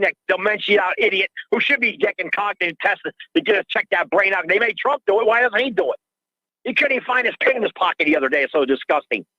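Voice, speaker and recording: Over dull, lo-fi phone audio, an older man rants to a radio show, agitated and going over the same points again. His voice sits high, and there's no room sound.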